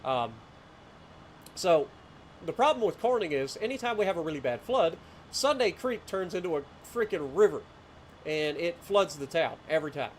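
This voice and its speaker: On a gameplay livestream, a late-thirties man from rural southeastern Ohio spins rambling stories and greets his chat, chuckling frequently. His voice is a little high and animated, his pace normal, with slight background noise.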